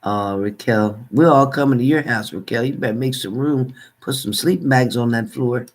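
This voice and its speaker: An older man casually chatting on a livestream, warmly thanking viewers by name and calling them hon. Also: mid-range voice, moderate pace. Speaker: livestream host.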